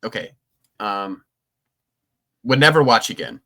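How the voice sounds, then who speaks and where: Young guy on a podcast, bright kinda low voice, rambles and restarts a lot. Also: sing-song, unhurried, creaky. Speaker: podcast co-host. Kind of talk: casual chat.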